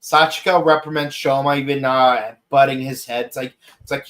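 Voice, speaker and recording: A man in his thirties hosting a podcast, gushing through an excited solo review with many fillers and exclamations. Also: medium pitch, moderate pace, hardly any pauses. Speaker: podcast host reviewing an episode.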